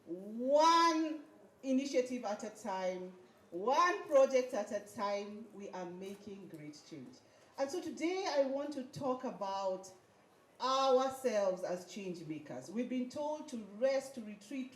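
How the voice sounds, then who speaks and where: A woman's voice: medium pitch, a little hiss or hum. Lady fired up, motivational talk, gets the crowd chanting back, lots of bounce in her voice, roomy hall sound. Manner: emphatic, leads call-and-response chants with the audience. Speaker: speaker at a graduation ceremony. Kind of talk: motivational speech. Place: event hall with an audience. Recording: echoey hall.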